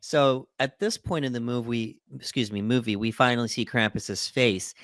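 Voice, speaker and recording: A man's voice: mid-range voice, normal speed, fairly bright tone, no room sound. A man co-hosting a movie podcast, recapping the plot steadily with dry humor. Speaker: podcast co-host. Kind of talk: reading a plot summary and chatting.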